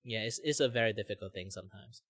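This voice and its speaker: Ein junger Mann mit malaysischem Akzent, der im lockeren Plauderton abschweift, oft „like“ einstreut und lebhaft Stimmen nachmacht. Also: male voice, on the low side, quick pace, no room sound, studio quality. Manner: rambling, many "like" fillers, animated impressions. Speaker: streamer host. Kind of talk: casual chat while drawing.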